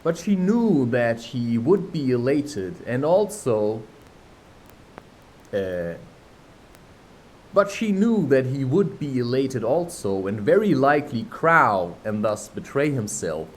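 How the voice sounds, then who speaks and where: A man's voice: mid-range voice, very animated, low-quality recording. A man reading a classic children's novel aloud, breaking off now and then for chatty, self-mocking asides. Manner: unhurried, chatty asides, laughs at himself. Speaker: audiobook reader.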